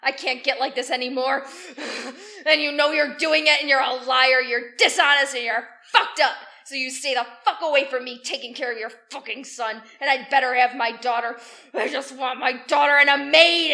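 A woman's voice: sits high, pushed and bright. A woman doing a screaming, foul-mouthed raging man. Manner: screaming, swearing, sneering. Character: raging foul-mouthed middle-aged man, bullying partner. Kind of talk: podcast dramatic re-enactment.

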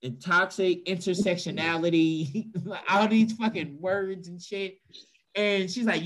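A man telling a funny, profane story to an audience and mimicking other people's voices. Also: a little slow. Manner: animated, profane, mimics voices in a high pitch. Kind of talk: stand-up storytelling.

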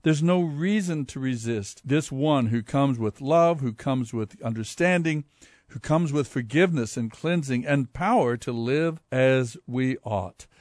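A man's voice: mid-range voice, a little slow, darkish tone, no echo, clean studio sound. Earnest man pleading in a sermon. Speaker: preacher.

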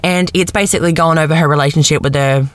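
A young man co-hosting a casual pop-culture chat, chatty and excitable. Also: a little high, fast, smooth, dry recording. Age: young adult. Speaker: co-host.

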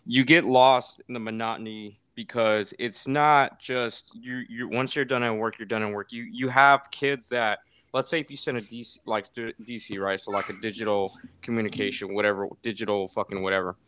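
A man's voice: on the low side, steady tone, moderate pace, a bit bright, smooth, dry recording, studio quality. A man chatting casually as a podcast co-host, emphatic and profane. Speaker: podcast co-host, former military recruiter. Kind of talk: casual chat.

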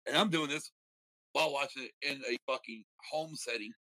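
A man co-hosting a podcast, joking loudly with lots of swearing during casual banter. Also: mid-range voice, fairly quick, no room sound. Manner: loud, profane and joking. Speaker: podcast co-host.

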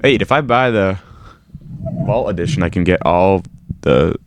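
Deep-voiced, laid-back man. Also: lively intonation, noisy background. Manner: laid-back, quick reactions and teasing. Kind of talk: casual chat.

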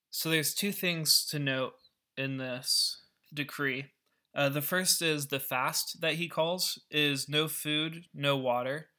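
A man's voice: on the high side, sharp tone. A man and podcast host who explains a scripture story in a casual, wry way, with asides. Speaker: podcast Bible teacher.

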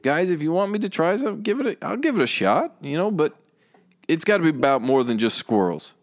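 A man's voice: fairly high pitch, very animated, fast. A man co-hosting a casual podcast, chatty and earnest, laughing along. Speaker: podcast co-host. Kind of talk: casual chat.

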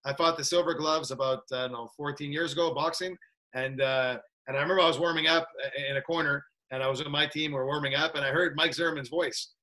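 Fight trainer guy on a podcast, quick and bright, laid-back and laughing a lot. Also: fairly high pitch, steady tone. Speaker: guest, combat sports trainer. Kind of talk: casual interview chat.

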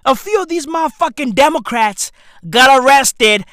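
A man, delivering a profane, slang-filled comedic rant and often breaking into shouts. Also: very high voice, lively intonation, normal speed, no room sound, clean studio sound. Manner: loud swearing slang-heavy, jumps to shouts. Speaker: comedic ranter.

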